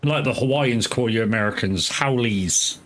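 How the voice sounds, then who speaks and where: A man's voice: medium pitch, normal speed, fairly bright tone. A man with a mid-range voice talks through a farming game on a live stream. He rambles casually, greets his chat by name and swears without a second thought. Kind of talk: casual live gameplay commentary.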